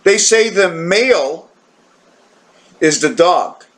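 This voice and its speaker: A man's voice: high voice, lively intonation, takes it slowly. A tired man talking to camera in a rambling, wandering monologue, questioning himself and breaking into playful sound effects. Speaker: video maker.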